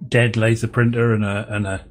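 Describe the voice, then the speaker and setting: A man's voice: on the low side, flat delivery, a little fast, a little hiss or hum. A man co-hosting a podcast, chatting casually, readily agreeing and chuckling, with hesitant restarts. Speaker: podcast co-host. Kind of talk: casual chat.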